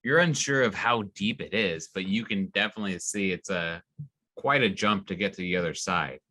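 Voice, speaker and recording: A young man narrating a tabletop game as game master, describing scenes in a relaxed way with fillers. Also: deep voice, normal speed.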